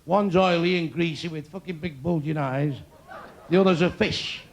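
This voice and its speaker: A man in his sixties works a comedy club crowd, brashly ribbing people with crude stand-up. His voice sits on the high side with vocal fry, delivered at a moderate pace amid a noisy, laughing audience.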